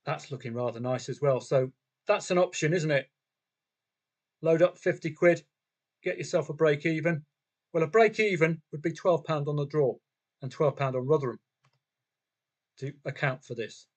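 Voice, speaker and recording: A man's voice: a little high, moderate pace, long pauses. A man hosting a live football trading stream, chatting casually to viewers and himself with frequent rhetorical questions. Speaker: football trading livestream host. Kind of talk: casual live commentary on matches and bets.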